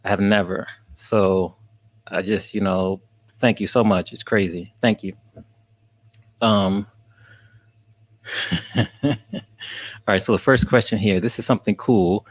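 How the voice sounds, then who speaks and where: A man's voice: lowish voice, fairly even intonation, takes it slowly, pauses often. A man streaming live, laughing often and thanking viewers by name as he gets through the questions. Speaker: streamer and college teacher.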